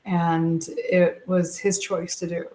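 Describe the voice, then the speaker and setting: Her pitch fairly low and her pace slow, a middle-aged woman guest, a speaker and coach, recounts personal stories with deep feeling. She brings them to life expressively by acting out people's words.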